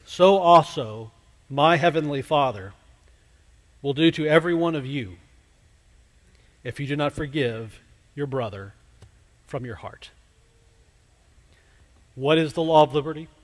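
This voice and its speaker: Slow-preaching man in an echoing hall. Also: fairly high pitch. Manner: slow, emphatic preaching that drops to a hush. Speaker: pastor. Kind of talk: sermon. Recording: long hall reverb.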